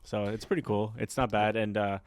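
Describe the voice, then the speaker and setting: This co-host from Canada has a lowish voice with fairly even intonation and a brisk pace. Chatting casually on the podcast, he tells stories in a hesitant, rambling way packed with fillers, and the sound is clean studio audio without echo.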